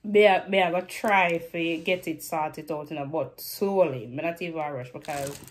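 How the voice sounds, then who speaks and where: A woman's voice: low voice, moderate pace, a little hiss or hum. A woman with a Jamaican accent chatting casually to her vlog camera in a loose, rambling patois-laced way. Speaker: vlogger.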